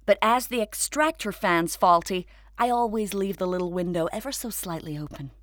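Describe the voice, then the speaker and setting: A woman voicing a tidy, fussy woman painter who speaks briskly. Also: mid-range voice, no room sound, clean studio sound, close to an everyday voice.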